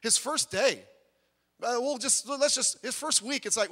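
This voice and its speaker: A man preaching a sermon, animated and storytelling, acting out the voices of the people he quotes. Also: extremely high pitch, a little slow. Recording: long hall reverb.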